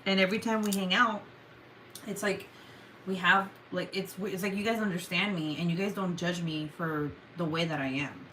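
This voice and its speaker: Woman, Mexican Spanish accent, native Spanish speaker, livestream host, casual chat, swears a lot, says "like" often, bright voice. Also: fairly low pitch, fairly even intonation, normal speed, a little hiss or hum, low-quality recording. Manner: chatty and profane, full of "like" and "um". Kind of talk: casual livestream chat, reading viewer comments.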